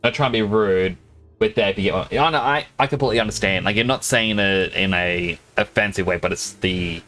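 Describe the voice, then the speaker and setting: A man's voice: fairly low pitch, normal speed, fairly bright tone, soft background music. An Australian man giving rambling, casual commentary as he streams a game, often cutting himself off mid-sentence. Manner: chatty, rambling, self-interrupting.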